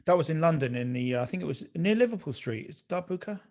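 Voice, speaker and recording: Quick-talking man asking questions. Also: a little high, animated, a little mellow. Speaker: host. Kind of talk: casual chat.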